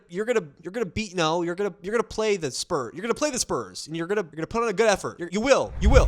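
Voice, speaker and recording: A young man riffing on sports in a casual, joking way, his voice sitting a little higher than most men's. He rambles, restarts his sentences, and mimics players in silly voices. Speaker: sports commentary host.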